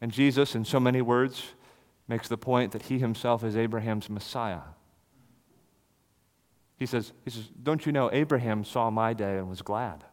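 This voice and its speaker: Male preacher, mid-pitched, dramatic loud-soft delivery, long hall reverb. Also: moderate pace. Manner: dramatic swings from loud to hushed. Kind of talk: expository sermon.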